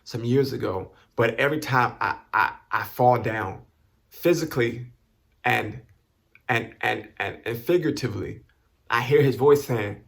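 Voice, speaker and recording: A man with a rough, gravelly edge to his voice talks straight to camera. He stops and restarts often and repeats words as he works through strong feeling. He sounds close to tears, his pitch sitting in the middle range. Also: unhurried. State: emotional, near tears. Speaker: vlogger giving thanks. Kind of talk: emotional personal talk to camera.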